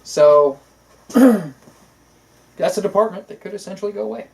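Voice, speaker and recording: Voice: mid-range voice, normal speed, gravelly, a little mellow, a little hiss or hum, low-quality recording. A co-host in casual political chat, opinionated and talking in long runs with frequent fillers. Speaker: podcast co-host.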